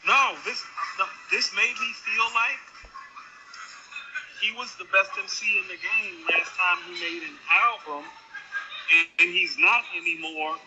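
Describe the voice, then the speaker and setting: A man's voice: high-pitched, measured pace. A man co-hosting a casual talk show over a remote call, talking emphatically and repeating himself for weight. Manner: emphatic, animated, repetitive. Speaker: podcast co-host on a remote call. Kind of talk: casual hip-hop discussion. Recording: dull echoing remote line with faint noise.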